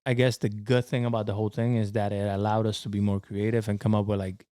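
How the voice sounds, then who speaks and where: A man's voice: on the low side, level tone, fast talker, dark tone, dry recording, studio quality. A young man co-hosting a podcast in casual, slangy chat, laughing often. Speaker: podcast co-host.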